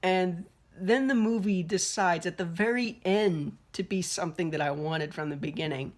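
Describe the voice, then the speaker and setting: A woman's voice: fairly low pitch, normal speed. A young woman giving a casual, rambling film review, swearing freely and full of fillers and restarts. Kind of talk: casual spoken movie review.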